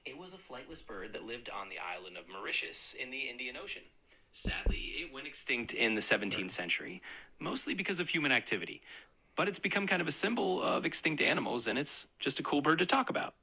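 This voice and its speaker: A man's voice: medium pitch, very animated, quick pace, pushed and bright, breathy edge, poor audio. A man's synthetic voice-assistant voice, eager and agreeable, played from a phone speaker.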